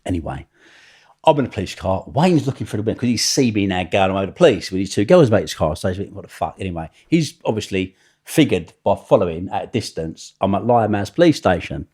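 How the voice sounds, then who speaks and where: A middle-aged man, a podcast guest telling animated stories full of swearing. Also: on the low side, quick pace, slightly rough. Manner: animated, swearing, acts out other people's voices. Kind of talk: storytelling anecdote.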